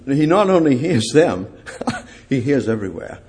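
Slow preacher man, lively, repetitive. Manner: halting, repeats phrases for emphasis; rises and swells on key words, then drops low. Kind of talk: sermon.

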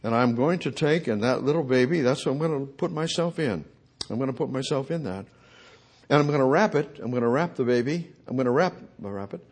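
A man preaches with a husky edge to his voice. He swings from ringing, emphatic declarations down to near-whispered asides and calls out to God as he goes. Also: expressive, a little fast. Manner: dramatic swings from booming to hushed, speaking to God. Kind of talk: sermon.

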